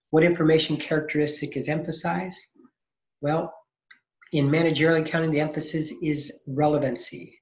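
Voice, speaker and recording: A man teaching an accounting lesson, explaining step by step and posing questions he then answers himself. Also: a little high. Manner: explanatory, asks and answers his own questions, frequent restarts. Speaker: accounting instructor. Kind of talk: recorded lecture. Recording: echoey, dull lo-fi recording.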